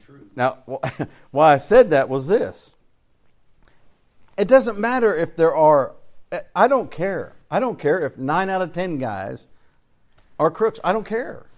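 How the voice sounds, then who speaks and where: An older man teaching a Bible study as pastor, preaching in a folksy storytelling way that swings between loud emphasis and quiet asides. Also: fairly high pitch.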